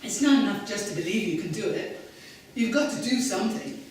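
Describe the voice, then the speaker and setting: A woman on stage voicing her lively ninety-two-year-old aunt, who speaks with a slight foreign accent in an emphatic, encouraging way. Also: medium pitch, a little fast, a little hiss or hum, lightly acted. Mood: upbeat, wise. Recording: echoey hall from far off.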